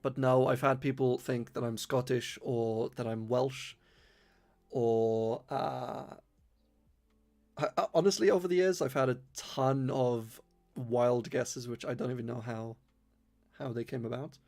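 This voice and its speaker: A young Londoner whose accent mixes London speech with a slight Irish twang answers viewer questions on a live-stream, chatting casually and rambling with many fillers while still enunciating carefully. His voice is medium-pitched, fairly even, unhurried and darkish, with soft music playing behind him.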